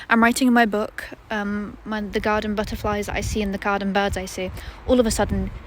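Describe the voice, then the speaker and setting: A woman's voice: medium pitch, a little hiss or hum. A woman vlogger telling a story to camera in a rambling, casual way, with many fillers and restarts, outdoors in a garden.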